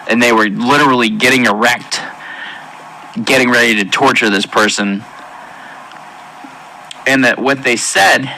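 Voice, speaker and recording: A man giving an emotional personal testimony in an earnest, halting way, with many pauses and restarts. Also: medium pitch, sharp tone, slight background noise, rough recording. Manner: intense, pleading delivery. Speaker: testimony speaker.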